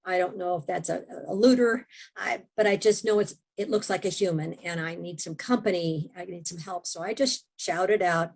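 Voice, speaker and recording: Woman, podcast guest, husky, fry in the voice, vivid casual storytelling. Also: lowish voice, darkish tone. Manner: vivid storyteller, frequent restarts, quotes her own thoughts. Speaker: podcast guest, memoir author.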